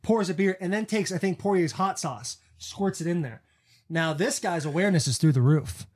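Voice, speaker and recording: A man in casual podcast chat, retelling a fight night in a fast, animated way and swearing freely. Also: sits high. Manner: fast, animated storytelling with profanity; breaks into sung snippets when retelling. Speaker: podcast co-host.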